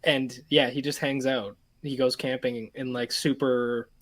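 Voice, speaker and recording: A young man co-hosting a podcast in a relaxed, agreeable way, laughing easily as he chats. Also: mid-range voice, a little slow. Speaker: podcast co-host. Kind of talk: casual chat.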